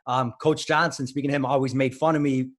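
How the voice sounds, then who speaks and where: A man's voice: medium pitch, fairly even intonation, quick pace. Man telling stories in a casual interview. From Illinois, United States. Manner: rambling, self-correcting storyteller. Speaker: wrestling coach, podcast guest.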